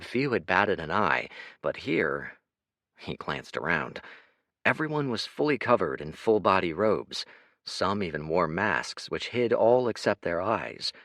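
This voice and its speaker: Deep-voiced male audiobook narrator. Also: big pitch swings, a little slow, a bit bright, dry recording, studio quality.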